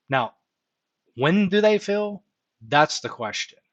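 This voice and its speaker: A man hosting a live stream, walking viewers through his reasoning out loud and often checking in with "right?". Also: high voice, very animated, slow, pauses often, dry recording, dull audio. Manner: thinks aloud, tags points with "right?". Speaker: live-stream host teaching stock options. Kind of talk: unscripted live-stream walkthrough.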